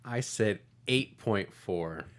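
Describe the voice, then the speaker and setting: Low-voiced man with dry asides. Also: takes it slowly, very noisy. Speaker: co-host. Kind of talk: casual online show chat.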